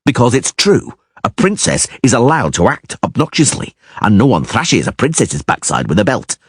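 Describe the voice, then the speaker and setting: Man playing a gruff, stern monster hunter. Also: medium pitch, huge pitch swings, moderate pace, dry recording, voice pushed up. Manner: stern, dry, curt.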